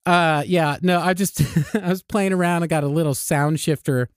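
A man's voice: fairly high pitch, fairly even intonation, normal speed, clean tone, dry recording, clean studio sound. A man co-hosting a podcast, talking casually and upbeat, laughing often and restarting his sentences. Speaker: podcast co-host.

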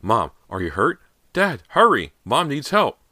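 A man's voice: sits low, expressive, normal speed, pushed and bright, no room sound, clean studio sound. A man voicing a scared teenage girl who stammers in panic, in an audiobook.

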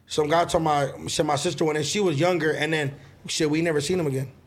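A man's voice: fairly high pitch, steady tone, fast talker. A man in casual chat telling a childhood story in a rambling, hesitant way.

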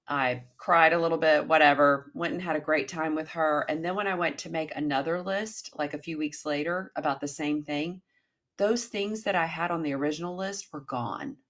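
A woman in her fifties with a notably low-pitched voice hosts a casual self-help podcast. She talks in a candid, chatty way and swears now and then. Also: normal speed, a bit bright. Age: 50s. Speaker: podcast host.

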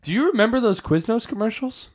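A man's voice: high-pitched, lively intonation, quick pace. A man co-hosting a podcast in casual banter, telling crude, rambling stories. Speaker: podcast co-host.

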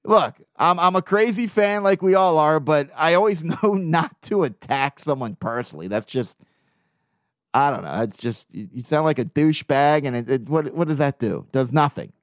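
A man's voice: on the high side, animated, moderate pace, no echo, studio quality. Profane ranting sports podcast man. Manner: blunt, profane, venting, with mocking put-on quotes. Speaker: podcast host. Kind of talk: casual sports rant.

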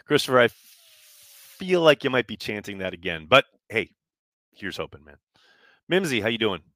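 A man's voice: fairly low pitch, very animated, unhurried, long pauses, pushed and bright, no echo, studio quality. A man hosting a casual live sports podcast, answering viewer chat in a blunt, loose way and swearing freely. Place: New York.

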